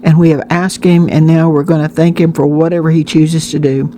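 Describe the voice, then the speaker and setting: A woman's voice: low-pitched, flat delivery, brisk, slight background noise, lightly acted. A woman voicing a kind, encouraging pastor's wife in a storybook reading. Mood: gentle. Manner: gentle and encouraging.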